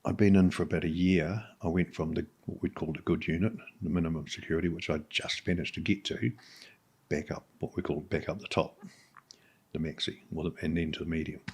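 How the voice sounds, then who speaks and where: Husky low-voiced New Zealand man. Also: little pitch movement, a little mellow. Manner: frank, halting, with many fillers and restarts. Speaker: podcast guest. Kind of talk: candid personal storytelling.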